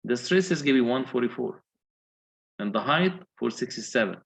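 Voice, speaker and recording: This engineering lecturer sounds gravelly, husky and a bit bright, with a mid-range, animated voice at a slightly fast pace. He works through calculations step by step in a methodical way, quizzing his students along the way.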